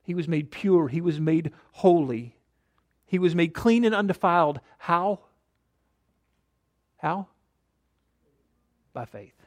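A male pastor delivers a dynamic sermon. His voice sits high for a man, climbing on rhetorical questions and falling almost to a whisper on a single emphatic word. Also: measured pace.

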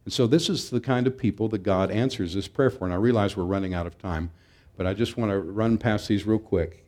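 A man's voice: lowish voice, fairly quick, darkish tone. A middle-aged man preaching a sermon in an earnest, emphatic way, sometimes restarting his phrases. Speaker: pastor.

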